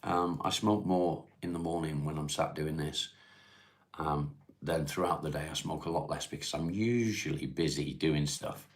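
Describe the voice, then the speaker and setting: With a bass voice, a livestream host from Cheshire, England relaxes at home, smoking as he streams. He reads chat questions aloud and responds plainly, keeping things laid-back and unhurried.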